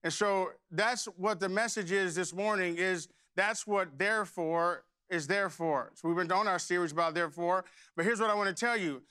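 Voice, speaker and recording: A man's voice: sits high, normal speed, few pauses, pushed and bright, clear, resonant tone. A middle-aged man preaching a sermon, telling a folksy personal story and then leading prayer. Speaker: pastor.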